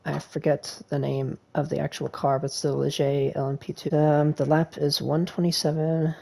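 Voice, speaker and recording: A man's voice: fairly high pitch, little pitch movement, normal speed, creaky, dark tone. A man giving casual gameplay commentary on sim racing laps, rambling with frequent ums and uhs. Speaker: sim racing video creator.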